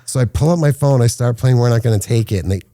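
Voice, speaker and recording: A man's voice: fast, no room sound, studio quality. A man, a filmmaker, telling stories casually in a podcast interview and acting out the quotes. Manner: animated storyteller, acts out quotes with rising pitch. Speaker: filmmaker guest.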